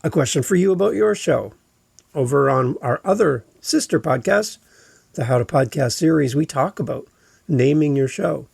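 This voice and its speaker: A man's voice: fairly high pitch, lively intonation, normal speed, vocal fry, darkish tone, breathy edge, dry recording. A man hosting his own podcast, talking casually and with enthusiasm, often restarting his sentences. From Canada. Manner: chatty and enthusiastic, with frequent restarts. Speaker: podcast host. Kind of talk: casual solo podcast talk.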